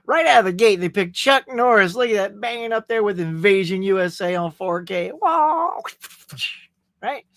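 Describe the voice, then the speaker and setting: A man's voice: high voice, animated, normal speed, fairly bright tone, no room sound, studio quality. A man hosting a casual live stream, chatting energetically and greeting viewers by name. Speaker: host. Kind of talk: casual livestream chat.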